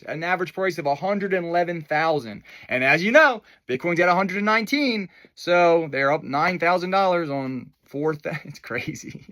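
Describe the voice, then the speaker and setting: Bright, high-voiced chatty man. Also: no room sound. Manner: chatty, enthusiastic, with fillers and asides. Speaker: host of a crypto news video. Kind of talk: casual news commentary.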